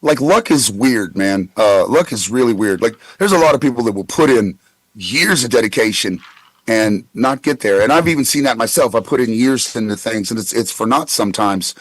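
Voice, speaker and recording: A man's voice: fairly low pitch, animated, moderate pace, dry recording, low-quality recording. A man in his forties who tells rambling anecdotes with stammered restarts in a casual interview. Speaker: guest voice actor.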